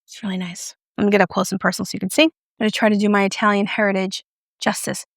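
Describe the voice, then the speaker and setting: A woman's voice: medium pitch, level tone, racing, creaky, no room sound, clean studio sound. A woman giving a casual makeup review with a playful, chatty manner and joking asides. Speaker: beauty vlogger.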